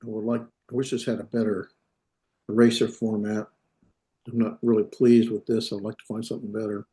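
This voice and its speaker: A man's voice: fairly low pitch, level tone, mellow. Man lecturing with many fillers. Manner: halting, many fillers and self-corrections. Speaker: instructor. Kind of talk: classroom lecture.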